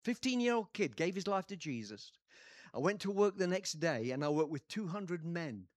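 An older man from England with an English accent, preaching a sermon with personal stories, shifting between quiet telling and loud bursts. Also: a little high, sing-song, moderate pace, no room sound, clean studio sound. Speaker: pastor.

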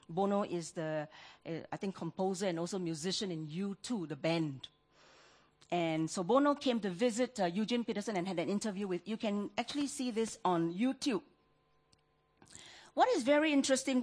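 A woman preaching a sermon, rising to loud, pleading tones when she voices prayers. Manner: impassioned, rises high and loud when voicing prayers.

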